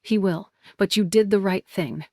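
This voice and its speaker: A woman's voice: mid-range voice, normal speed, warm tone, no room sound, clean studio sound, natural voice. A woman voicing a fierce, loyal young female friend who speaks firmly and reassuringly.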